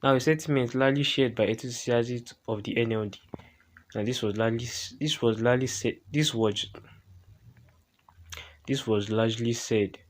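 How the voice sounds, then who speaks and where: Man, from Nigeria, reading news aloud, loud, halting restarts, mid pitch. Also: steady tone. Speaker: news reader.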